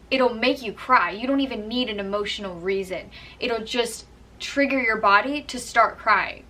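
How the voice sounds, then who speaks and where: A woman's voice: a little high, sharp tone, recorded from a distance, low-quality recording. A young woman vlogger explaining acting tips in a chatty, earnest way, full of "like" and "kind of". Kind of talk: casual how-to talk to camera.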